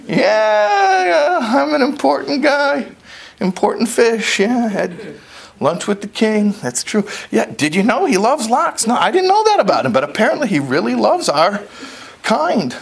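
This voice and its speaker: A naive male fish bursts with pride in a high, squeaky voice, gushing breathlessly about his own importance, as a man puts him on. The voice climbs high above the performer's own. A husky edge runs through it. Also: sing-song, unhurried, full character voice.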